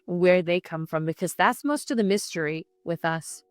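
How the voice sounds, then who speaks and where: A woman's voice: on the low side, moderate pace, no room sound. A woman with a Canadian accent speaking in a TV documentary interview, chatty and wry. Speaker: guest on a family history TV show.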